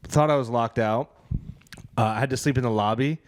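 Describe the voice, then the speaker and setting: A man's voice: medium pitch, a little fast, a little hiss or hum. A man co-hosting a podcast, telling a personal anecdote in a casual comedic chat from a living room studio. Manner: anecdotal storytelling. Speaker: podcast co-host.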